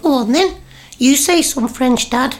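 A woman's voice: high voice, measured pace. A woman voicing a cheeky, inquisitive young boy in a radio comedy drama, pestering his parents with eager questions.

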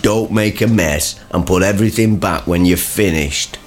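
An actor playing a blunt, grumpy working-class father in a radio comedy, gruff and scoffingly sarcastic. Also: low-pitched, normal speed, music in the background, close to an everyday voice. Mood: grumbling.

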